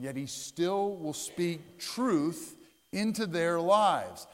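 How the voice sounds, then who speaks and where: A man preaching a sermon as pastor. He speaks earnestly and swings between loud, dramatic lines and hushed ones. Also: a little high, expressive, extremely slow. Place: church sanctuary. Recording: long church-hall reverb.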